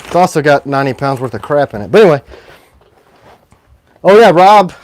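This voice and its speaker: Animated man chatting on a livestream. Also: a little high, fairly quick, pauses often, no echo. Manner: rambling, animated, self-deprecating. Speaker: knife maker and livestream host. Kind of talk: casual livestream chat.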